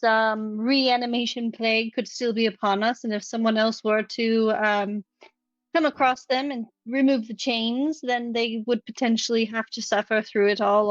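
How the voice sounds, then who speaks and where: A woman voicing a calm adventurer in a tabletop role-play, thoughtful and measured, pausing to weigh her words. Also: a little high, no room sound, muffled recording, natural voice. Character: calm, reasoning adventurer offering counsel.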